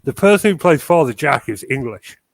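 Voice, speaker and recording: A man's voice: on the high side, expressive, brisk, vocal fry, no echo. A man co-hosting a podcast in casual chat, making blunt, matter-of-fact remarks. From Northern Ireland. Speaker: podcast co-host.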